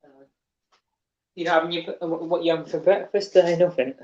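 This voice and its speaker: A woman's voice: lowish voice, fairly even intonation, a little fast, darkish tone, slight background noise. A woman chatting on a livestream panel, talky and swearing, with a laugh never far away. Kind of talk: casual chat. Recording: echoey, dull-sounding room mic.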